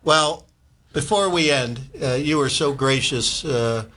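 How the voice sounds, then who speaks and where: Man hosting a club interview; bright, forceful voice, easygoing reactions. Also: medium pitch, takes it slowly. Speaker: interviewer for a baseball team. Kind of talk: casual interview.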